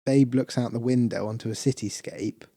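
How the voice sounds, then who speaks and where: Chill podcast guy recapping a movie, lots of ums, warm low tone, dry mic. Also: normal speed, no room sound. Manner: rambling recap with many fillers. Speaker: podcast co-host. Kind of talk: casual film chat.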